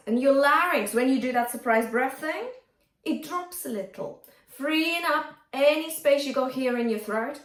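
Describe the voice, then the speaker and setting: A woman vocal coach giving a singing lesson, talking viewers through exercises and singing short bright demonstration notes. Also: sits high, expressive, a little slow. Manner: encouraging, addresses viewers directly, demonstrates bright twangy sung notes. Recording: roomy sound from a bit off the mic, faint music.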